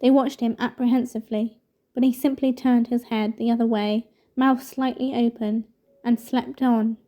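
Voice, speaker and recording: Woman reading a novel aloud, mellow. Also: fairly high pitch, flat delivery, moderate pace. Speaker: storybook reader.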